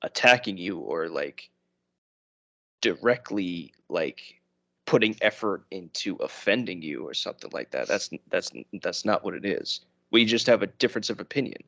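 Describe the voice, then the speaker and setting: A man's voice: low voice, lively intonation, moderate pace, vocal fry, fairly bright tone, no room sound. Young new york guy on a podcast, rambly, restarts a lot, dry jokes. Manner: rambling, self-correcting, wry asides. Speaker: podcast co-host. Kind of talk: casual chat.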